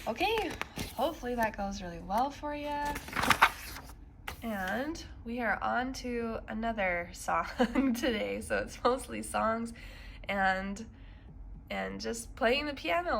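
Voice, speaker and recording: A woman gives a piano lesson with piano playing underneath, patiently explaining the music, saying um often and counting beats aloud. Her fairly high voice is animated and creaky, her pace measured, with a slight hiss or hum on the recording.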